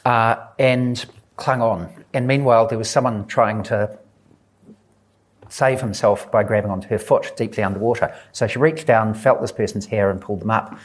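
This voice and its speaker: A man, an author telling a story at a live book event, earnest and unhurried, voicing the people he quotes. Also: on the low side, steady tone. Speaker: author guest at a book talk. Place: live audience event indoors.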